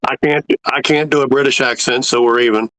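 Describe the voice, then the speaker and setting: A man hosting an interview, relaxed and easygoing, reading out questions sent in by viewers. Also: mid-range voice, brisk, low-quality recording. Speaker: interview host.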